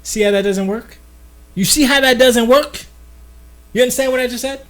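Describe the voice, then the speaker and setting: A man's voice: very high-pitched, normal speed. A man co-hosting a gaming podcast in casual comedic chat, joking around and acting out quotes in silly voices. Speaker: podcast co-host.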